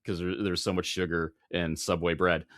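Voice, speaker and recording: A man's voice: sits low, flat delivery, moderate pace, a bit bright, no echo, clean studio sound. A man hosting a casual chat, rambling with lots of fillers. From American Midwest. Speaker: host.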